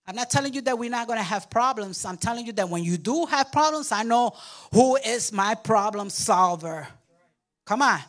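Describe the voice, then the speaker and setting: An older female pastor speaks expressively at a moderate pace, leading her congregation in emphatic call-and-response. Occasionally she mimics babbling toddlers in a squeaky voice.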